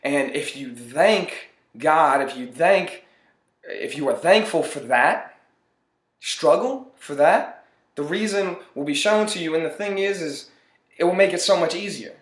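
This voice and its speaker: A man's voice: fairly high pitch, lively intonation, measured pace. Earnest man with a roomy echo. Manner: earnest, repeats phrases for emphasis. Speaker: motivational speaker. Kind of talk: motivational monologue.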